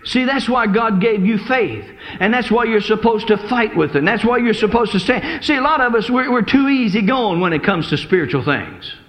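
A man's voice: sits high, expressive, fairly quick, few pauses, fairly bright tone. A man preaching a fervent sermon at a church service, exhorting the congregation.

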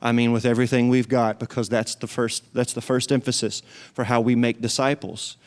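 A man's voice: mid-range voice, little pitch movement, a little fast, a little mellow, smooth. A male pastor, preaching a sermon in a church. He repeats phrases for emphasis and calls the congregation to respond. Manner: preaching with rising emphasis and repetition. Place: church sanctuary.

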